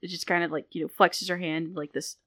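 A woman's voice: lowish voice, little pitch movement, fairly quick, a bit bright, no echo, studio quality. A woman playing a tabletop game, flustered and hesitant as she describes her moves. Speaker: player. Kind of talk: casual chat during a tabletop game.

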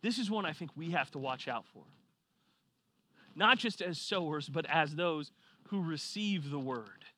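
A man preaching a sermon, telling a personal story with lively swings from quiet reflection to loud excitement. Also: on the high side, measured pace, slight background noise. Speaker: pastor.

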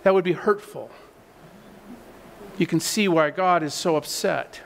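A pastor with a high-pitched voice delivers a sermon in a conversational, plainspoken way. He often stumbles over and repeats words as he builds emphasis. His voice trails off into the long reverb of a church sanctuary. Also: a little slow, gravelly, slight background noise.

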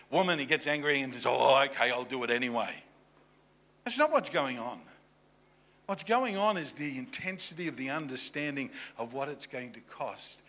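A man preaching a sermon, animated, moving from loud emphasis to hushed, intimate asides and acting out voices from the story. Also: a little high. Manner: acts out voices of people in the story. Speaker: pastor.

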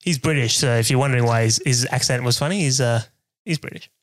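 A man's voice: medium pitch, fast talker, no room sound. A man co-hosting a casual chat, rambling along with lots of fillers. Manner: laid-back, rambling with fillers. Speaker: podcast co-host.

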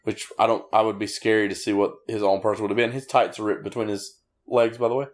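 A man's voice: on the low side, flat delivery, fast. Ranting, profane man in casual chat. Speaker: podcast co-host. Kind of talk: casual chat watching wrestling.

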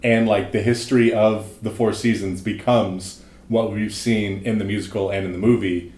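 A man's voice: lowish voice, fairly even intonation, moderate pace, a little mellow. A young man co-hosting a podcast, giving dry, critical opinions. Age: young adult. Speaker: podcast co-host. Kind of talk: casual chat. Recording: echoey room.

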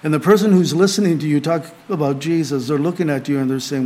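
A middle-aged man preaching a sermon as a pastor to a small group, earnest, rising to emphatic lines and dropping to quiet asides. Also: a little high, fast.

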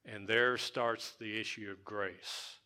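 Guy preaching a sermon, low-ish voice, bright tone, repeats stuff for emphasis. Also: steady tone, slow pace. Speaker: pastor.

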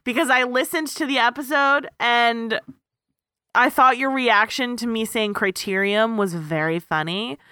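Woman, podcast co-host, casual chat, bright voice, dry close sound, precise corrections. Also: on the high side, unhurried, clean tone, dry recording. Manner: lively and precise, explains things with careful corrections.

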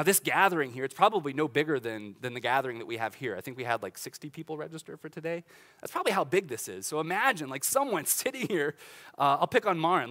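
A middle-aged man, a pastor, preaching a sermon in a church in a casual, animated way, with laughs and restarts. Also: fairly high pitch. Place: church sanctuary.

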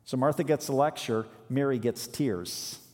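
A man's voice: medium pitch, normal speed, a little mellow. A man preaching a sermon, reading scripture aloud and then explaining it with emphatic rises in his voice. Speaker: pastor. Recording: reverberant hall.

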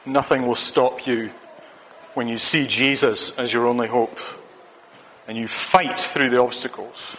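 A man's voice: mid-range voice, steady tone, a little slow, pushed and bright, slight background noise. A man from Scotland preaching a sermon, earnest and urging, repeating phrases for emphasis. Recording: long hall reverb.

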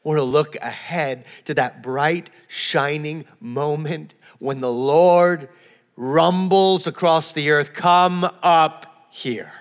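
Pastor guy preaching, kinda high voice, stumbles and repeats words when he gets going, big reverby church. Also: slow pace. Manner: earnest, emphatic preaching with frequent word repeats. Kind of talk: sermon.

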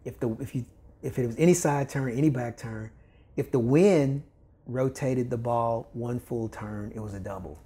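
A man's voice: mid-range voice, moderate pace. An older man from Kentucky, a volleyball coach, telling a story in casual talk, acting out the voices of the people in it and laughing often. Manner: animated, acts out quoted voices, laughs often. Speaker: volleyball coach, podcast guest.

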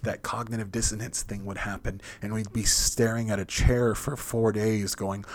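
A man's voice: lowish voice, level tone, normal speed, few pauses. A man hosting a podcast in a rambling, profane monologue with many restarts. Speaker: podcast host. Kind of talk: casual monologue.

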